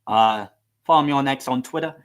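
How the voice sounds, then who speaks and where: A man's voice: mid-range voice, brisk, smooth. A man hosting a live football watchalong stream, chatting casually in a rambling, profane, self-mocking way.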